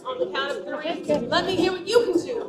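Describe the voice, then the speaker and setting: A sassy, flirty stage diva. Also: female voice, very high-pitched, brisk. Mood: rallying. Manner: teasing, flirty banter with the crowd. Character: sassy self-assured female troupe performer. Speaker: live show performer. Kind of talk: live theme park show. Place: outdoor theme park stage. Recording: roomy, from far off, music and crowd.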